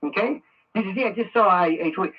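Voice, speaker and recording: Angry talk radio guy ranting, high lively voice, muffled far-off radio sound. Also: a little fast, husky. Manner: angry, ranting, repeats himself. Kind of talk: political talk radio monologue. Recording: muffled radio audio from afar.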